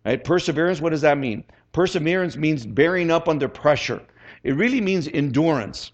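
A male pastor with a fairly high voice delivers a sermon in a loose, conversational way. He keeps checking in with his congregation and slows down to stress scripture, all on a dull, lo-fi recording. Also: animated. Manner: reads scripture slowly and emphatically.

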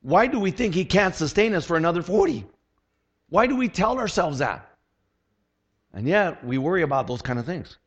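Through a dull, lo-fi recording, a sixty-something pastor preaches with humor and many rhetorical questions in a conversational style. His high voice swings widely in pitch, moving at a moderate pace with long pauses.

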